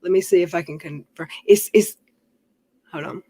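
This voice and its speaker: A woman's voice: fairly low pitch, normal speed, dark tone, slightly rough. A woman hosting a casual livestream, chatting in a rambling way and laughing often. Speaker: livestream host.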